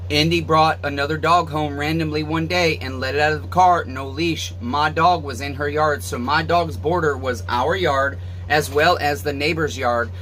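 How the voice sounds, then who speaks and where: A man's voice: fairly high pitch, steady tone, moderate pace, few pauses, fairly bright tone, slight background noise, low-quality recording. A man casually telling a long personal story to his viewers, rambling with many fillers and asides. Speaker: vlogger.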